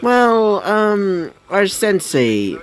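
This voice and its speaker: A man's voice: high-pitched, very animated, extremely slow, voice pushed up, exaggerated voice. A man voicing a pushy, cheerful teenage ninja girl in a raised, coaxing and teasing voice with hesitant fillers.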